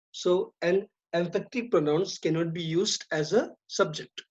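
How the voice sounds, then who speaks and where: A woman teaching an English grammar lesson, speaking deliberately, repeating and stressing key terms. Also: fairly low pitch, a little mellow, breathy edge. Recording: dull lo-fi recording.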